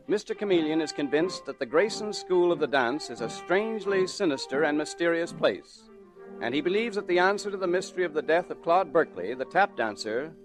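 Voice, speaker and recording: A man announcing and narrating in a smooth, persuasive 1940s radio style. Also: a little high.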